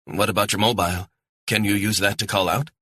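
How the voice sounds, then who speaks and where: A man's voice: lowish voice, steady tone, a little fast, bright, forceful tone, husky, dry recording, voice pushed up. A man voicing a young, educated Scottish woman who is stranded and apologetic, speaking in a pleading, earnest way. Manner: pleading, rising urgency, apologetic.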